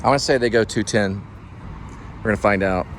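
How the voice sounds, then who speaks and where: Man, low voice, casual vlog chat, rambling, musing aloud, in a car, faint street noise. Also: fairly quick, fairly bright tone. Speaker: vlog host.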